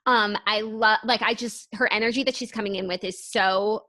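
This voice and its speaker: A woman's voice: medium pitch, fairly even intonation, moderate pace, sharp tone. A young woman co-hosting a podcast, chatting enthusiastically in casual talk with frequent fillers. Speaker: podcast co-host. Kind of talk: casual chat.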